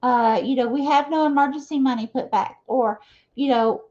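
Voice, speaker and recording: A live tarot reading comes from a woman whose high-pitched, darkish voice moves at normal speed. She talks in a loose, conversational way, asking viewers "okay?" and saying "you know" often as she checks in with them. The audio is dull and lo-fi.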